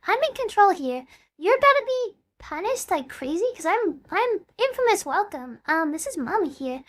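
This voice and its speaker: A woman's voice: very high voice, big pitch swings, moderate pace. A young woman putting on a mock-commanding "mommy" voice as a joke on her stream, dropping it into flustered nervousness. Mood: mock bossy. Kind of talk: comic put-on voice on a stream.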